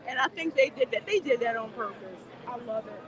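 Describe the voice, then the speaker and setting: A woman's voice: a little high, expressive, brisk. A woman hosting a casual theme park livestream, chatting and laughing with her viewers as she walks through a queue. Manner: chatty, laughing, talks back to viewer comments. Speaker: livestream host. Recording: busy crowd noise outdoors. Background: crowd chatter.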